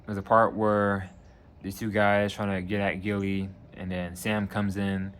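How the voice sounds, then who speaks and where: A man casually reviewing a TV season on his channel, retelling scenes with lively energy and acting out lines. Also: lowish voice, unhurried, slight background noise. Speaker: video reviewer.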